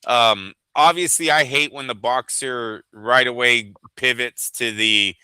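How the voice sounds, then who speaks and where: A man's voice: mid-range voice, measured pace, sharp tone, clear, resonant tone, dry recording, poor audio. A man co-hosting a boxing podcast, giving blunt, profane opinions in casual chat.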